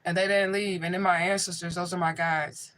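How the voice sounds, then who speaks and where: Blunt, foul-mouthed woman with a bright voice. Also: on the low side, little pitch movement, a little fast, slight background noise, poor audio. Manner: blunt, profane, talks straight to viewers. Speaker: spiritual medium, livestream host. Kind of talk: casual livestream talk answering chat.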